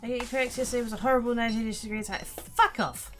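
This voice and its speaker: A woman's voice: fairly high pitch, flat delivery, rapid-fire. An Australian woman in her young adult years, chatting casually with viewers while playing, muttering and swearing at the game. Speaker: streamer. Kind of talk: casual gaming livestream chat. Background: game music.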